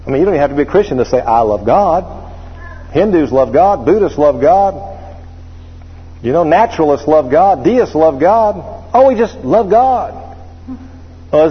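A man with a fairly high, husky voice preaches a sermon, mixing scripture reading with lively, joking stories and put-on voices. His words ring out in a large hall with a long reverb. The sound is muffled and lo-fi. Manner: animated, humorous storytelling with acted voices. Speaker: pastor.

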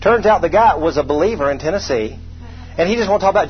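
A man's voice: on the high side, lively intonation, quick pace, muffled recording, faint music behind. A man preaching a sermon in a folksy, conversational storytelling way, poking fun at himself and asking the congregation questions. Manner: folksy, self-deprecating, asks the congregation rhetorical questions.

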